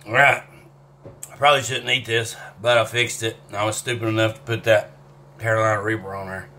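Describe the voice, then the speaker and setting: A man's voice: lowish voice, level tone, a little fast, bright, forceful tone, a little hiss or hum. Man groaning through hot sauce. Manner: drawling, swearing, groaning between bites. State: mouth burning, sweating. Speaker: vlogger eating hot sauce. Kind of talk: casual self-filmed vlog.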